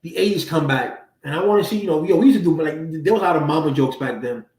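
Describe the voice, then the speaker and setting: A man's voice: on the high side, lively intonation, quick pace, a little mellow, distant mic. A man hosting a casual livestream, telling stories in loose, profane street slang from a room at home. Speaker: livestream host. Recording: roomy echo.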